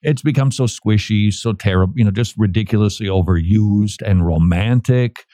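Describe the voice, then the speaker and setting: A male radio show host in a studio, talking in an animated way, chuckling and reading passages aloud with quick asides. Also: lowish voice, dry recording. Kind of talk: radio talk commentary.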